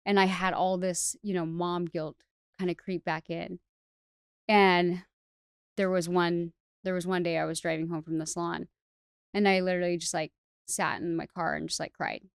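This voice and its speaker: Speaking at a normal pace in a lowish, flat voice with vocal fry, this woman sounds smooth, and there's no room sound. She's a hairstylist educator on a podcast, sharing her own story openly and chattily, full of "like" and restarts.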